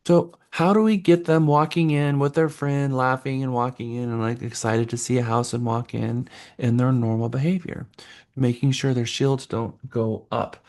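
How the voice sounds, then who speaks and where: A man teaching a real estate sales class in an animated lecture style. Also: mid-range voice, normal speed. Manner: lively, acts out buyers' voices.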